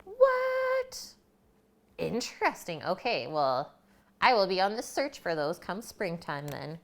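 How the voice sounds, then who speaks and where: A woman's voice: lowish voice, very animated, moderate pace, vocal fry, a bit bright. A woman hosting a live cooking stream, chatting casually with her viewers and answering them by name as she cooks in her kitchen. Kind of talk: casual chat while cooking.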